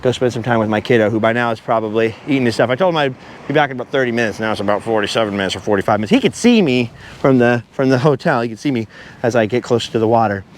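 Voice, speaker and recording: A man's voice: mid-range voice, rapid-fire, a little hiss or hum. A man vlogging as he walks along a beach outdoors, talking at length and wandering off topic as he goes. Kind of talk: rambling walk-and-talk monologue.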